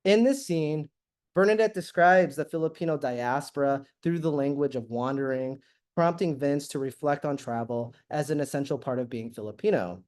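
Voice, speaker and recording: Sex: male. Role: university professor and guest lecturer. Style: academic lecture, measured, reads from notes with some ums. Pitch: somewhat high for a man. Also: a little mellow. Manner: measured, reads prepared text with occasional fillers.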